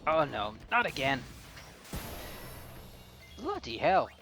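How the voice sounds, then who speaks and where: Man with lively, swooping commentary. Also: on the high side, slow pace, faint music behind. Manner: chatty, reacting to the game as he plays. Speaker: let's play host. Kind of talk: casual gameplay commentary.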